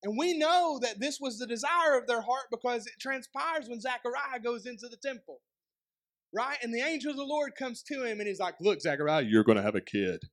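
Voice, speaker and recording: Man, pastor, East Tennessee accent, very high voice, chatty sermon, rhetorical questions, joking asides. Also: a little fast, fairly bright tone. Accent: Southern US, East Tennessee.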